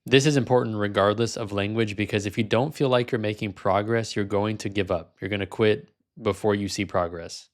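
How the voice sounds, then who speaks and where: Lower-voiced man, casual vlog talk. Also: fairly even intonation, fairly quick, few pauses. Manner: casual, frank, sometimes amused. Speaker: language learner and video host.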